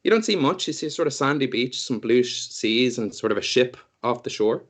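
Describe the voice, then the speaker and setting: A man's voice: mid-range voice, expressive, fairly quick, a bit bright. A man narrating a tabletop game as game master, rambling and laughing often.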